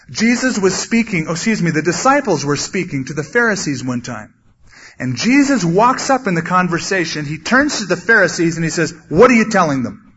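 A man preaching a sermon, earnestly teaching from the Bible and acting out quotes with sudden loud bursts. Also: a little high, slightly rough. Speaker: pastor. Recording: dull lo-fi sermon recording.

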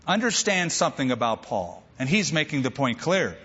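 A man preaching a sermon, animated and talking straight to the congregation. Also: medium pitch, normal speed, hardly any pauses, breathy edge, in a large hall, dull audio. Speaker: pastor.

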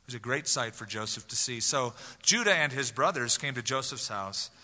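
Casting: male pastor, animated sermon storytelling, tense bright tone, church reverb. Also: mid-range voice, normal speed. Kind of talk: expository sermon. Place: church sanctuary.

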